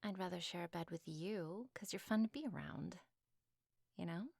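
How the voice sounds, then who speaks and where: A woman voicing a gentle, protective winged fey woman in a soft, husky whispered role-play. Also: lowish voice, normal speed, dry recording, clean studio sound. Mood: tender.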